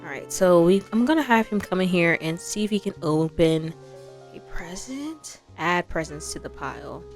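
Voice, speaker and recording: A woman's voice: on the low side, expressive, normal speed, soft background music. A young woman hosting a game let's play, chatting casually and laughing as she talks to the characters.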